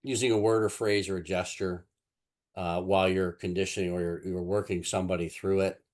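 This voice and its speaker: A man with a very low voice talks through a casual lesson, drifting between examples and stories. He rambles, stacks fillers and restarts his sentences as he goes. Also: level tone, a little fast, darkish tone. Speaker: NLP instructor. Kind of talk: casual teaching talk with anecdotes.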